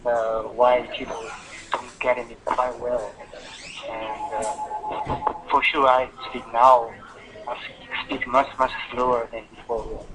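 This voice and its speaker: A man's voice: medium pitch, little pitch movement, slow, background noise. Hesitant man learning on a call. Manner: hesitant, many fillers. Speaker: student. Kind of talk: conversation in a lesson. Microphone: video call.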